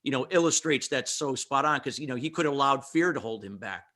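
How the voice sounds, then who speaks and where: An upbeat man hosting a radio interview, his voice bright and forward at an ordinary pitch. He is enthusiastic and affirming, with casual fillers. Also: expressive, fast. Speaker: radio show host.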